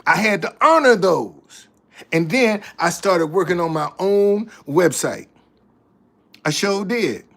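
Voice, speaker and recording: A man with a gravelly, creaky voice tells stories slowly and unhurriedly. He is a tour guide chatting casually to the camera. He circles back, repeating and restarting phrases as he goes. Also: high voice, animated, a bit bright.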